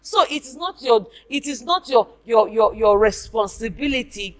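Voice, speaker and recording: Female motivational speaker addressing camera, earnest and insistent, slightly high-pitched. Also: lively intonation, normal speed. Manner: earnest, repetitive, addresses viewers directly.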